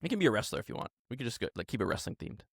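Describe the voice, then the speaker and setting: Male podcast host, playful and animated, dry close-miked sound. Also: mid-range voice, rapid-fire, breathy edge, no room sound. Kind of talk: casual wrestling podcast chat.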